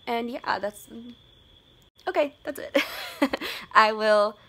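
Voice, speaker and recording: A woman's voice: on the high side, slow pace, long pauses, background noise. A young woman, vlogging casually from her room and rambling with lots of "like.". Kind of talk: casual vlog chat.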